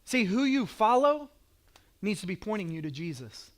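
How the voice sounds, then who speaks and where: This Oklahoman-accented pastor's voice sits high as he preaches at normal speed, very animated throughout. He brings his stories to life by acting out scenes and sometimes breaks into a shout.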